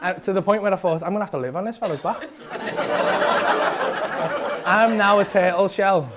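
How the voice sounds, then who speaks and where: A man with a Liverpool accent doing stand-up in a comedy club, telling a story in an animated, sweary way and acting out other people's lines. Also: sits high, measured pace, very noisy.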